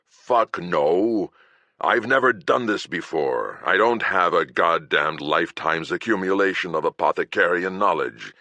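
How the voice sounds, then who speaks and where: A man voicing a gruff, profane and irritable male healer who speaks bluntly and snarls when angry. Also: a bass voice, very animated, normal speed, fairly bright tone, dry recording, exaggerated voice. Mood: snarling angry.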